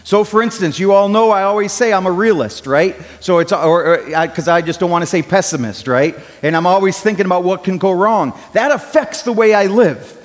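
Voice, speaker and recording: Man, high voice, pastor preaching sermon, long hall reverb. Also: a little fast, hardly any pauses. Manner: conversational preaching, rising to loud when acting out cries.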